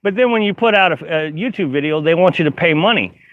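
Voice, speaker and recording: An RV vlogger with a high voice chats casually on a live stream from inside his camper, reading viewer comments. He talks quickly with lively intonation, rambling, laughing often, and restarting with plenty of fillers. The recording is dry, with dull, lo-fi live-stream audio.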